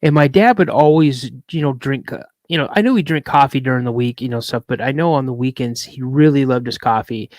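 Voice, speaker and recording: Guy cohost rambling thru a story, dry close mic, middle pitch. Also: brisk, few pauses, a little mellow, no echo. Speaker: co-host. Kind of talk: casual chat on a live show.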